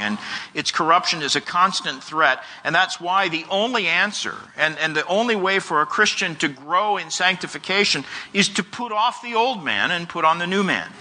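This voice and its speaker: A man preaching an expository sermon as a pastor, speaking in an earnest, measured way and reading long quotations. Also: on the high side, bright, forceful tone. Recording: long reverb of a large hall.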